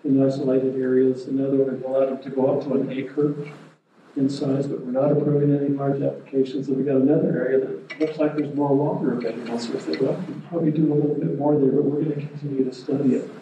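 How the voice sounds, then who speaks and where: A man explaining water policy at a public meeting in a plain, measured way, with many restarts. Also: medium pitch, level tone. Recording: roomy, distant, muffled, faint noise.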